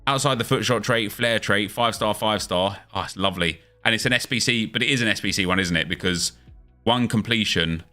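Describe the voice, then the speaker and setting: A man's voice: on the low side, bright, forceful tone, faint music behind. A man hosting a gaming livestream, chatting casually with viewers and switching into an upbeat video-host delivery. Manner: chatty, quick back-and-forth with viewers, hype intro energy.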